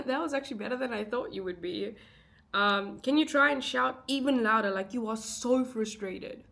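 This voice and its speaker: A woman's voice: fairly high pitch, moderate pace, vocal fry, a bit bright. A young woman vlogging in a casual, chatty way, thinking aloud with fillers and side remarks. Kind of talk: casual vlog chat.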